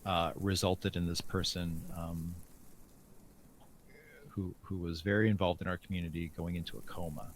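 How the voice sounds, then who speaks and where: A man talking as an interview guest in casual conversation, halting, with many restarts and fillers. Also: deep voice, level tone, a little hiss or hum.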